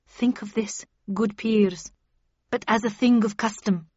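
A woman voicing a commanding queen who speaks in smooth, placating verse. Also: medium pitch, fairly even intonation, measured pace, a little mellow, no echo, muffled recording. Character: cool commanding queen covering for her husband.

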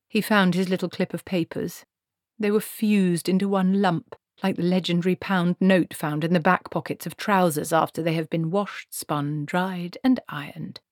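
A woman with a lowish voice reads a comic fantasy novel aloud, narrating in a wry, expressive audiobook style. The recording is dry and clean, made in a studio.

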